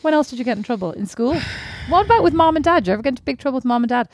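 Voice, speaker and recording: A woman's voice: sits high, lively intonation, rapid-fire, no room sound. Teasing woman, dry close sound. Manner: blunt, teasing, swears freely. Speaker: podcast co-host, older sister. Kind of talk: casual sisters' chat.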